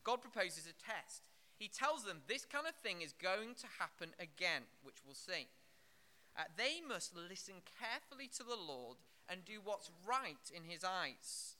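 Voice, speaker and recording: A man's voice: high-pitched, sing-song, measured pace, sharp tone. A man preaching an expository sermon, with frequent fillers and restarts.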